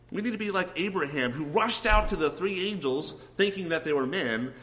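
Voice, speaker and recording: Earnest preacher man, lively pitch. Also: poor audio. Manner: earnest, asks the congregation questions. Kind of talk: sermon.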